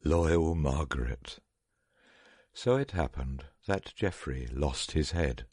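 A man reading a story aloud in a measured, dramatic narration. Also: very deep voice, lively intonation, a little mellow, breathy edge, dry recording, studio quality.

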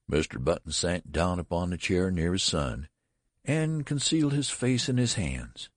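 A man narrating an audiobook story in a measured, expressive way. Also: sits low, dry recording, clean studio sound.

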